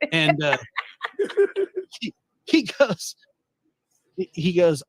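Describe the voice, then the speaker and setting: A man recounts a story in casual chat, mimicking each voice in the exchange. His pitch sits a little high and swings widely. The sound is dry and close. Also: measured pace, long pauses, husky, no echo. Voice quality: animated, acts out both sides of a quoted argument.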